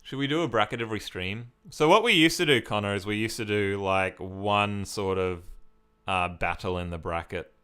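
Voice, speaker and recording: Australian man, bright voice, fairly low pitch, casual streamer chatting with chat. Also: moderate pace, clean tone. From Victoria, Australia. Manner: chatty, reads and answers chat comments.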